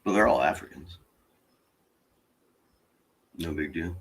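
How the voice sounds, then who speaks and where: Very low-voiced man rambling about politics. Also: slightly rough. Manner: slow, rambling explanations with fillers. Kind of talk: casual political chat.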